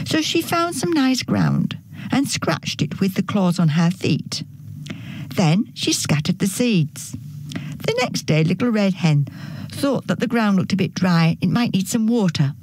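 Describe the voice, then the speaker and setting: Storyteller, woman, slow lively reading, husky, dry sound. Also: mid-range voice, no echo. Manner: gentle, expressive read-aloud.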